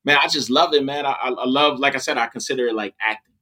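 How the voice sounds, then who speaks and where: Man, bright ringing voice, animated casual podcast talk, rapper, tags "you know what I'm saying". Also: medium pitch, fast talker. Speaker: rapper and music licensing artist.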